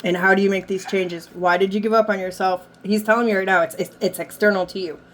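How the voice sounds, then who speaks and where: Her voice is medium in pitch, fairly bright, and steady, and she talks fast. As a psychic medium in a reading session, she conveys messages from the dead with plenty of hedging and many uses of "like," against slight background noise.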